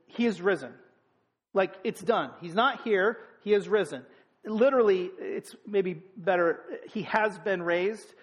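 A man teaching verse by verse through a Bible passage in a loose, conversational way, full of "like" and "you know", with emphatic bursts. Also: high voice.

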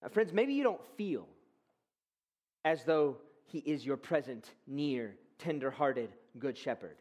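A man preaching a sermon with fervor, rising loud and high to stress his points. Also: lively intonation, slow. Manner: fervent preaching, swells loud and high for emphasis. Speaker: pastor.

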